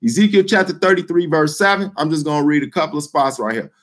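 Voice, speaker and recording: A man's voice: a little high, animated, fast talker, a bit bright. A man giving an informal scripture teaching, talking loosely and bluntly with lots of fillers and repeated words. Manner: blunt and emphatic. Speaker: street preacher.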